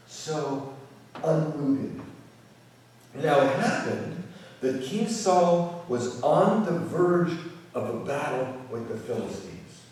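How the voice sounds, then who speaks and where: A man who is a rabbi, telling a folk story in an animated lecture, often repeating words as he goes, in a synagogue sanctuary. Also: mid-range voice. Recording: echoey hall, distant mic.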